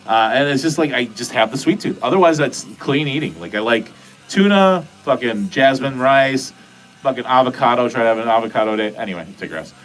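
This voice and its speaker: A man's voice: mid-range voice, expressive, brisk. A middle-aged man hosting a casual livestream, rambling, joking and swearing as he talks to his chat. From New England. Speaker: livestream host. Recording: faint music behind.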